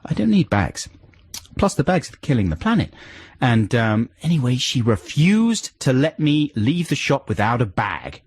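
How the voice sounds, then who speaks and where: A man's voice: medium pitch, very animated, moderate pace, darkish tone, husky, no echo. A man hosting a radio show in a studio, chatting casually and telling rambling stories. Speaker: radio host. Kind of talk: casual on-air banter. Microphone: studio microphone.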